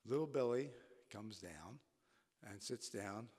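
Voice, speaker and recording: A man who once taught college, telling a story to a live audience in a halting way, with restarts. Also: lowish voice, animated, a little mellow, husky. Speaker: retired college faculty. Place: church. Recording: long reverb in a church.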